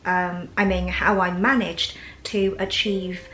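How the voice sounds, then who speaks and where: A woman from China speaking English with a learned British accent, talking candidly and reflectively as a vlog host, with soft fillers and a Chinese mother tongue. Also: lowish voice, level tone, slow pace, slight background noise. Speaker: English teacher and channel host. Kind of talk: casual personal vlog monologue. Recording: roomy echo with faint background music.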